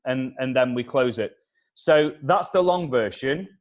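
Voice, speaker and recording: An energetic man explains his method in a lively interview. He hammers his key points home by repeating them. He acts out conversations with clients as he goes. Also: medium pitch, measured pace. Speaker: communication consultant, interview guest. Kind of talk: animated advice with acted-out anecdotes.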